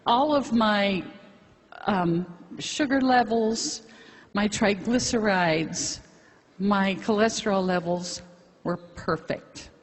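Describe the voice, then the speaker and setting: A woman's voice: medium pitch, slow pace. A middle-aged woman giving a chatty, rambling, self-deprecating testimony to a convention audience. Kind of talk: casual spoken testimony to an audience. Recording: hall reverb, faint crowd and noise.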